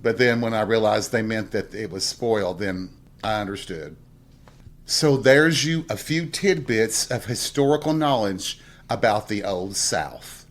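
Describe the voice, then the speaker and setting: A man's voice: lowish voice, unhurried. A middle-aged man from Tennessee with a Southern accent, hosting a casual solo podcast and telling folksy stories with chuckling asides. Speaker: podcast host.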